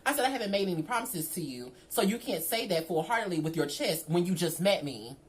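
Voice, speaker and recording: Sassy, animated young woman telling a story. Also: on the low side, fairly quick. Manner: sassy, animated, keeps calling the listener "girl". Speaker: storytime vlogger. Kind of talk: casual storytelling to viewers.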